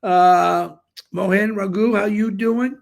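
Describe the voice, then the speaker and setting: A man's voice: sits high, fairly even intonation, slow pace, vocal fry. A man hosting a daily live stream, greeting viewers by name and chatting in an upbeat, rambling way.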